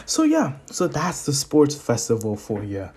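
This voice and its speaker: A man tells a fan story in a relaxed, rambling way, with plenty of casual fillers. His voice sits at an average pitch for a man. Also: unhurried, soft background music. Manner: rambling, loose with fillers like "so yeah".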